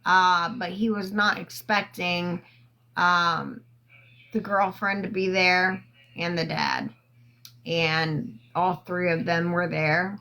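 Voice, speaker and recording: A woman hosting a casual livestream, telling a long story into her phone in a rambling, halting way with lots of fillers and swearing. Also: on the low side, fairly even intonation, sharp tone, low-quality recording. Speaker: livestream host.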